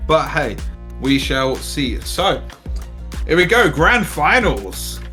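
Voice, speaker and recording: A man's voice: a little high, big pitch swings, slow pace, pushed and bright, soft background music. An Englishman commentating a live fighting-game tournament, chatty and jokey, reading out schedules and calling the action with sudden exclamations. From England. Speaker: esports commentator.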